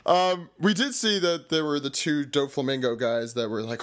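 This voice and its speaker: A man's voice: mid-range voice, normal speed. A man hosting a podcast, recapping comics in casual chat, laughing often and reading panel lines in put-on voices. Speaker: podcast host.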